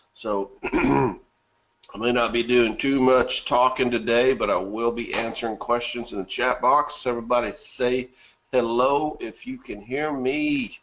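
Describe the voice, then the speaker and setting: A man's voice: mid-range voice, steady tone, a little slow, a bit bright. A man with a bad cough hosting a live webinar in a casual way, greeting viewers by name from the chat and laughing often. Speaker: webinar host.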